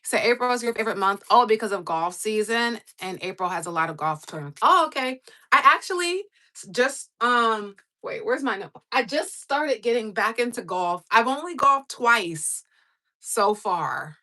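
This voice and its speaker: A woman's voice: on the high side, expressive, measured pace, bright, forceful tone. A woman hosting a casual livestream, rambling with lots of fillers while she does her nails and chats with viewers. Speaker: livestream host.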